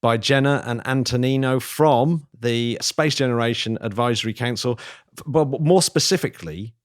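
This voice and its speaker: A man's voice: medium pitch, moderate pace. A man hosting a podcast in casual chat, rambling with many restarts and fillers. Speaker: podcast host.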